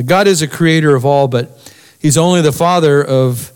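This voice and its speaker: Male pastor, slightly higher voice, expressive sermon delivery with hushed asides. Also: fairly quick, clean tone. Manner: expressive preaching, drops to near-whisper for emphasis.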